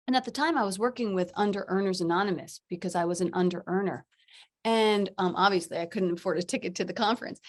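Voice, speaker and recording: A middle-aged woman hosting a spiritual podcast, telling a personal story with laughter and acted-out quotes. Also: mid-range voice. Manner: animated, acts out quoted voices, laughs often. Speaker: podcast host.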